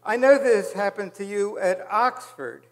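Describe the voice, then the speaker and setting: A man's voice: sits high, measured pace. A man interviewing a guest on stage, chuckling often and adding quips between questions. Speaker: interviewer, event host. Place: stage in a large hall. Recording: reverberant hall.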